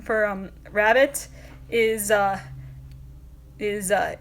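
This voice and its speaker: The livestream host is a woman whose medium-pitched voice never hurries. Her casual chat with viewers wanders along, dotted with fillers and regular laughs.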